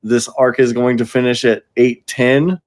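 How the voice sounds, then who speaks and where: A man's voice: mid-range voice, flat delivery, a little slow. A young man co-hosting a casual podcast chat, laid-back, swearing freely and laughing often. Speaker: podcast co-host.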